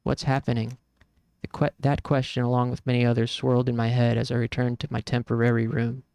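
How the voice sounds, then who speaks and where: A man's voice: medium pitch, monotone, a little fast, vocal fry, darkish tone, smooth, no echo. A man streaming, reading a story game aloud in an earnest, reflective way.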